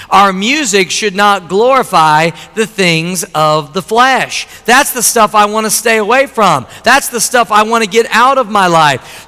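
High, bright-voiced preacher in a reverberant hall. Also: male voice. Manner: storytelling, building to loud, high-pitched emphatic passages. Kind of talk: sermon.

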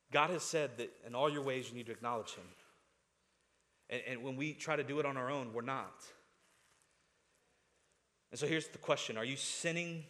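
A man's voice: fairly high pitch, a bit bright. A man preaching a sermon as pastor, in a conversational way, asking the listeners rhetorical questions and often restarting his words.

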